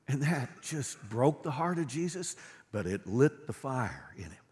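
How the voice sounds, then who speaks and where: A man's voice: mid-range voice, normal speed. Passionate man preaching in a reverberant hall. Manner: builds from quiet to loud, passionate preaching. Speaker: pastor. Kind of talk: sermon. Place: church sanctuary. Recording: long reverb of a large hall.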